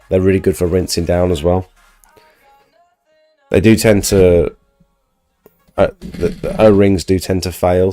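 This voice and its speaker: A deep, mellow-voiced man hosts a live stream and answers questions from the chat in a loose, conversational way. His voice is wearing thin from a recent illness. Soft music plays faintly underneath. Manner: chatty, answers viewer questions, frequent restarts. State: losing his voice, getting over an illness. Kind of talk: casual live Q&A about pressure washing.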